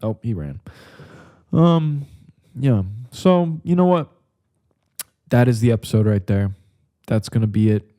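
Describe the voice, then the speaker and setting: Man, young adult, solo podcast host, rambling and profane, mellow dark tone. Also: mid-range voice, clear, resonant tone. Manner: rambling and loose, with lots of fillers and profanity. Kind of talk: casual solo podcast monologue.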